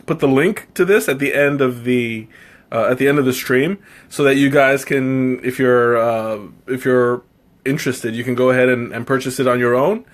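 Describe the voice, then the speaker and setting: A man with a medium-pitched, fairly even voice talks at a moderate pace while hosting a casual live tea-tasting stream. He rambles to his viewers, cuts himself off, laughs a lot and pokes fun at himself in a playful, self-mocking way.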